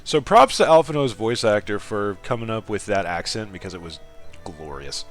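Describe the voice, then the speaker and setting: A man's voice: on the low side, moderate pace, soft background music. A man giving casual, giggly commentary as he plays a story game. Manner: giggly and animated. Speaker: gaming video creator.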